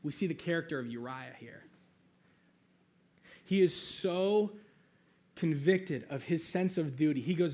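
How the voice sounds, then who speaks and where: A man's voice: fairly high pitch, unhurried, pauses often, darkish tone. A pastor giving a sermon in a casual, conversational way, with frequent asides to his listeners.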